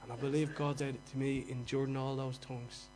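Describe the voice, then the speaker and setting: A man with a Dublin accent preaching a sermon, moving from quiet, conversational asides to loud, mocking outbursts. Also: medium pitch, level tone, fairly quick, faint music behind, low-quality recording. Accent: Dublin Irish. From Dublin, Ireland.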